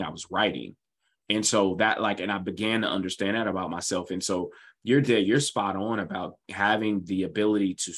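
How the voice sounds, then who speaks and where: Male host, lowish husky voice, enthusiastic and rambling. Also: fairly bright tone. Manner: enthusiastic storyteller, rambling asides. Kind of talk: casual conversation.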